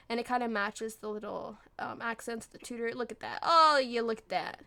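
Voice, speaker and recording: Young woman, bright higher voice, rambling self-deprecating voice-over for a build video. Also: normal speed, few pauses. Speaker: gaming video creator.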